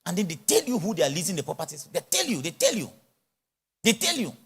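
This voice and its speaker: Speaking quickly in a high, creaky, slightly rough voice, a man preaches at a conference held in a large church or hall. He's animated and speaks with an influence, slipping into pidgin English and performing short dialogues.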